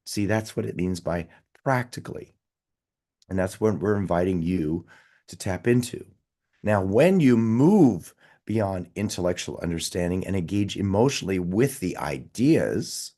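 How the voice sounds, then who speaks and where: A man hosting a motivational study call over video, emphatic and repeating key phrases for stress, swinging between loud bursts and hushed asides. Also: sits low. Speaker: host of a daily study call. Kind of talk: motivational study-group teaching.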